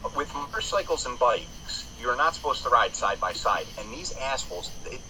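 A man's voice: medium pitch, animated, moderate pace, crowd noise, low-quality recording. A man in casual podcast chat, swearing freely and telling stories with frequent restarts. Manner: profane, rambling storyteller with many restarts.

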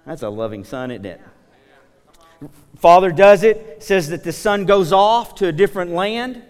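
A man preaching a casual, animated sermon, retelling the story with asides to the congregation. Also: high voice, unhurried, smooth, big-room sound. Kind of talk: conversational sermon.

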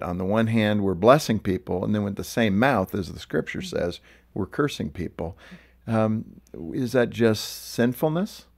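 A middle-aged man hosting a talk show, relaxed and casual, chuckling now and then as he interviews a guest. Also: lowish voice, gravelly. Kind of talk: conversational interview.

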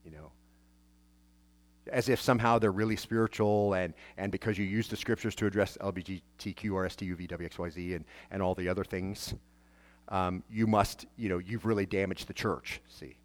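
A pastor with a lowish male voice delivers a sermon in an unpolished, talky way. He fires off rhetorical questions at his congregation and trips over his own restarts as he goes. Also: fairly even intonation, brisk. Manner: preaches in a conversational way, with many restarts and rhetorical questions.

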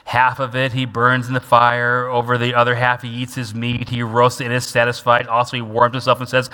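A man's voice: medium pitch, monotone, brisk, hardly any pauses, bright, forceful tone, clear, resonant tone. A man preaching a sermon as pastor, emphatic, repeating key lines and having the congregation say them back. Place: church sanctuary. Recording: long reverb of a large church hall.

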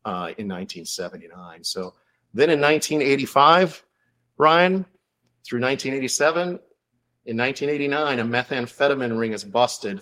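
A man appearing as an author guest in a casual chat, telling his story enthusiastically and in rapid-fire fashion. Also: medium pitch, a bit bright.

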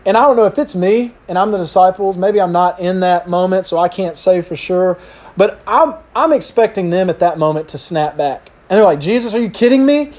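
A middle-aged man preaching a sermon, telling the story with lively acted-out quotes from the people in it. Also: sits high. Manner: animated storyteller acting out quotes. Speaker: pastor.

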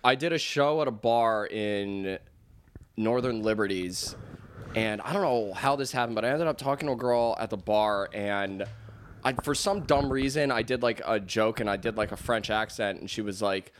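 A man's voice: fairly low pitch, normal speed, slight background noise. Easygoing man telling a bar story. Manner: easygoing anecdote teller. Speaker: comedian. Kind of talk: casual chat.

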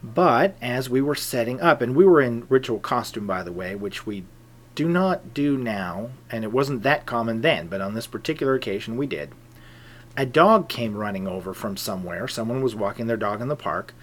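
A middle-aged man calmly telling a personal story in a measured, conversational way, dropping into soft asides. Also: mid-range voice. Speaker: pagan group leader telling a personal story. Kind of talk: casual spoken anecdote.

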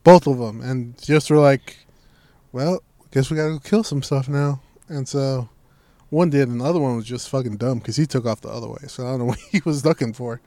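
There's no room sound as a young man with a medium-pitched voice talks fairly quickly. Chatting casually, he spins an animated, swear-filled story and voices the people in it.

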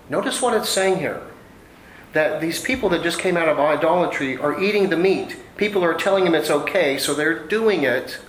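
A man preaching a sermon to a congregation, reading scripture and explaining it in a relaxed, conversational way with homey family anecdotes. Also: a little high, normal speed, a little hiss or hum. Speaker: pastor. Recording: echoey room with faint ambience.

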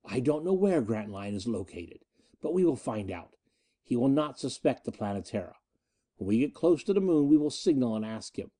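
A calm and menacing pirate chief, as a male narrator puts him on, his lines coming in a measured, matter-of-fact tone. The voice is dark and mellow, yet it rises and falls freely through each threat. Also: medium pitch. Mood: cold, menacing. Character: cunning ruthless male space-pirate leader, calm and menacing.

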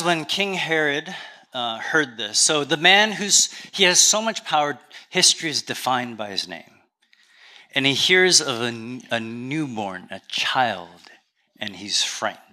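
Speaking at a measured pace in a mid-range voice, this Canadian-accented pastor delivers his sermon as easygoing, humor-tinged storytelling.

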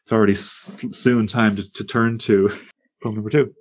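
A man teaching a poetry class, talking in a lively, digressive way that often breaks off into asides. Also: fairly low pitch, moderate pace. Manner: animated, digressive, self-interrupting. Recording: on air class broadcast.

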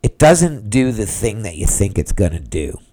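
A man's voice: lowish voice, very animated, moderate pace, warm tone. A middle-aged man hosting a solo podcast, talking in an emphatic, rambling way and often repeating himself. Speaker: podcast host. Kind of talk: opinionated solo podcast monologue.

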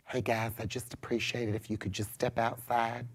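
Hushed meek southern guy, man putting it on, low soft breathy voice, super polite. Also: little pitch movement, moderate pace, natural voice. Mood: meekly pleading. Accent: put-on American Southern. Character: meek, timid grown man with a soft drawl.

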